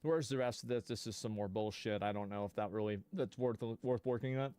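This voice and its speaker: A man streaming live, reacting bluntly to clips with profanity and sudden loud outbursts. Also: fairly low pitch, fairly quick, clear, resonant tone.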